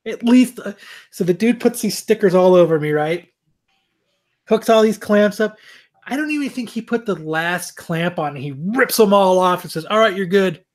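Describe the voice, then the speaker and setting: A man co-hosting a podcast, telling a long story in a casual, animated, self-mocking way, with plenty of swearing. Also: high voice, moderate pace. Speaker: podcast co-host.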